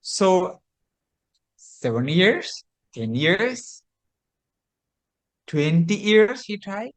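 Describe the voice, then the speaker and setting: Monk delivering a story sermon; unhurried, repetitive, slightly high-pitched man. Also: big pitch swings. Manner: slow, repetitive, with hesitant restarts. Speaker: Buddhist monk teacher.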